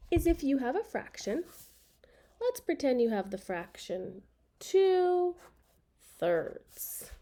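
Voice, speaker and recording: Slow, patient woman teaching fractions. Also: a little high, dark tone. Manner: slow, patient, repeats key words for note-taking. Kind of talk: classroom math lesson to children.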